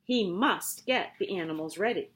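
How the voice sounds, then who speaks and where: A woman teacher reading a picture book aloud to her students, with expressive, drawn-out storytelling. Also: mid-range voice.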